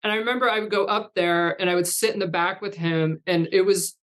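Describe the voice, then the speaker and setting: A woman in her fifties with a lowish voice, talking as an interview guest. She rambles through loose, anecdotal stories with frequent laughter and restarts. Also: fairly even intonation, a little fast, a bit bright. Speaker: guest, artist coach. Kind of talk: casual interview chat.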